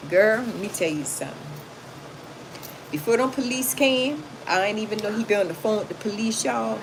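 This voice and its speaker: A woman hosting a livestream, reading chat comments and telling stories to her viewers in a loud, animated, casual way, calling them "y'all". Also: mid-range voice, normal speed, creaky. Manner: animated, loud, talks straight to the audience and calls them y'all. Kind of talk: casual storytelling to a livestream audience. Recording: noisy home livestream.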